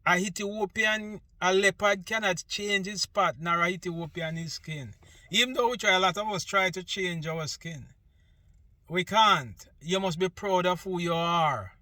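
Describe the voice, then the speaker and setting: Jamaican man with a bright voice. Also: high voice, unhurried, no room sound. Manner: earnest, opinionated, mixing patois with English. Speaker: host. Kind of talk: casual monologue.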